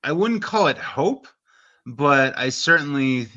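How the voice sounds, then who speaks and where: A man co-hosting a podcast in casual chat, enthusiastic and quick to agree. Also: fairly high pitch, lively intonation, bright, forceful tone, dull audio. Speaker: podcast co-host.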